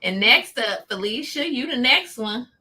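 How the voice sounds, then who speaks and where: A woman tells stories with real animation, full of slang and quick asides. Her voice sits a little high and rings bright and forceful, and it carries easily through a casual chat. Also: breathy edge. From Detroit. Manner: animated storyteller, slangy and laughing. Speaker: host.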